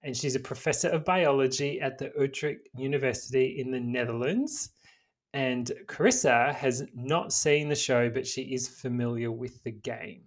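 A man in relaxed podcast conversation, walking his co-host through the science at an unremarkable middle pitch. He explains patiently and breaks into easy laughter along the way. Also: moderate pace. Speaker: podcast co-host presenting research. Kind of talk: casual chat.

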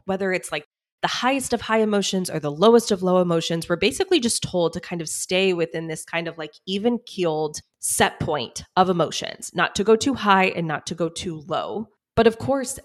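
A woman hosting a solo podcast, talking earnestly and conversationally about feelings, with casual fillers like "y'all" and "like.". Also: on the low side. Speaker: podcast host, coach.

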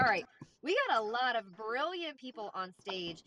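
Woman moderator, upbeat and coaxing, bright tense tone, mid pitch. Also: sing-song, moderate pace, slight background noise. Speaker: host. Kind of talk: moderating a live audio room.

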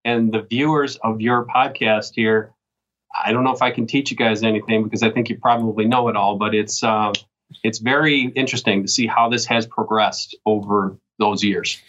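A man's voice: lowish voice, steady tone, fairly bright tone. Modest male guest on a dull remote line. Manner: modest, with frequent filler pauses. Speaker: guest, magazine editor. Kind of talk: casual interview talk.

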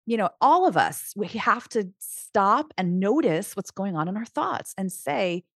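A middle-aged woman who works as a Christian life coach, speaking in a casual podcast conversation. She is earnest and animated, often restarting her sentences. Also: mid-range voice, a little slow, slightly rough, no room sound, clean studio sound.

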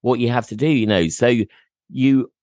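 A man's voice: medium pitch, normal speed, darkish tone, no echo, studio quality. A man from the UK hosting a casual interview, enthusiastic and encouraging toward his guest. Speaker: podcast host.

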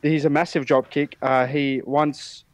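A man's voice: a little high, level tone, no room sound. Hesitant young Australian man, dry sound. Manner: halting, hesitant with uhs. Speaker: family member guest. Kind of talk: casual family podcast chat.

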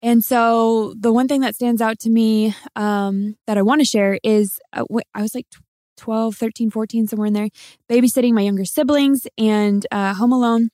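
A young adult woman co-hosting a podcast, telling personal stories in a soft-spoken way with frequent laughs. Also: a little high, steady tone, moderate pace, dry recording, studio quality. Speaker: podcast co-host. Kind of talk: casual storytelling chat.

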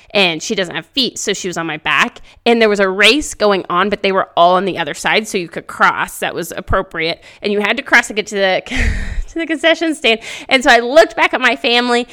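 A woman hosting a podcast, telling stories in a loud, animated way and laughing often into a podcast microphone. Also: mid-range voice, clear, resonant tone. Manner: speaks loudly; animated storytelling with frequent laughter. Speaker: podcast host. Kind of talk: casual motivational podcast monologue.

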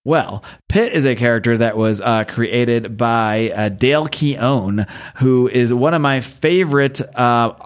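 Brief: male podcast co-host, mid-pitched, lively casual recap. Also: measured pace. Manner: animated story recap, laughs at own jokes. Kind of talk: casual chat.

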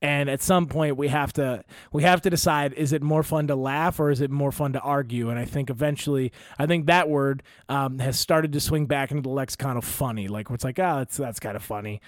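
A man's voice: medium pitch, a little fast, hardly any pauses, no room sound, studio quality. Swearing young guy telling a rambling story. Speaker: podcast co-host and comedian. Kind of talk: casual chat.

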